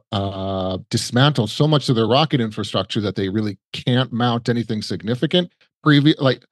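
A man's voice: mid-range voice, dry recording. A man as a podcast guest, chatting casually and rambling with many restarts. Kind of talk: casual conversational storytelling.

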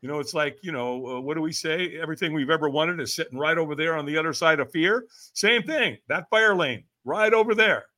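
A middle-aged man, a personal development coach, telling an animated story as a podcast guest, acting out what others said and often checking in with "right?". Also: a little high, a little fast, few pauses. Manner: lively, acts out quoted voices, frequent "right?".

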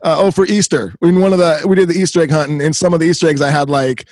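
A man's voice: a little high, steady tone, fast talker, a little mellow, dry recording. A man, a father, chatting casually on a podcast, telling anecdotes with a laugh and acting out his kid's lines. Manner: storytelling, mimics his kid, laughs often. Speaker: podcast co-host. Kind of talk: casual chat.

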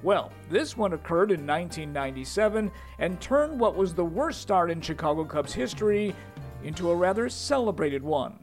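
A man opens a podcast in an upbeat announcer manner, and his pitch swings widely. His voice is high and has a gravelly edge. Faint music plays behind him. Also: sing-song, moderate pace. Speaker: podcast host. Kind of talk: scripted podcast intro.

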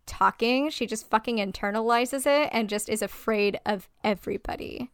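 A fairly high, smooth voice recorded close and dry. A woman in a casual film chat, emphatic and profane, with "like" scattered everywhere and a slightly worn, rough edge to her voice today. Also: moderate pace, no echo.

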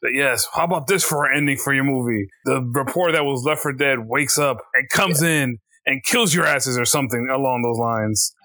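A man's voice: mid-range voice, a little fast, hardly any pauses, bright, forceful tone, no room sound. Man with dry wisecracking asides. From United States. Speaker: podcast co-host. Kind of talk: casual movie recap chat.

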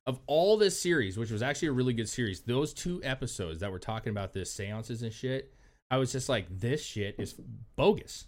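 A man's voice: mid-range voice, fairly quick. A man co-hosting a podcast, telling stories in casual, profane chat and acting out the voices of people he quotes. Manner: animated storytelling, profane, acts out quoted voices. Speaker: podcast co-host.

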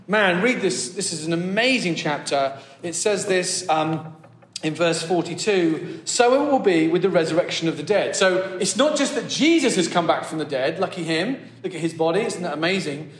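A man, preaching a chatty, self-deprecating sermon that turns animated as he warms up. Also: high voice, moderate pace. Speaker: pastor. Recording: echoey hall.

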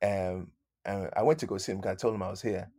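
A man's voice: low-pitched, fast, mellow, no room sound, clean studio sound. A man in his fifties with a light London accent, a musician telling stories in a casual interview, laughing and acting out other people's voices. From London, England. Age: 50s. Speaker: musician guest.

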